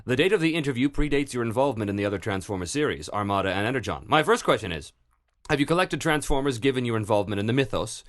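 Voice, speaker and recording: A man hosting a casual podcast, reading listener emails aloud in an animated way and laughing easily. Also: medium pitch, quick pace. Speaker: podcast host.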